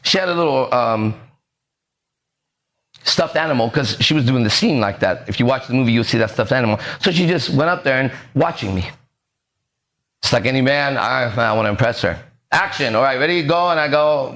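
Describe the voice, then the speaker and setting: A man in his forties hosting a podcast, telling a story in a lively way that acts out the voices and keeps checking in with the listener. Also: mid-range voice, normal speed, pauses often. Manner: animated, acts out quoted lines, keeps checking in with "right?". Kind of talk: casual storytelling.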